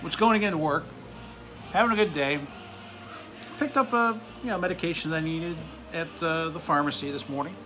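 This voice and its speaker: A man rants to his camera, irate and sarcastic, swearing freely. His voice sits a little high and sounds very bright and forceful. Faint music plays behind him. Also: moderate pace, long pauses. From United States. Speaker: vlogger. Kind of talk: angry ranting monologue.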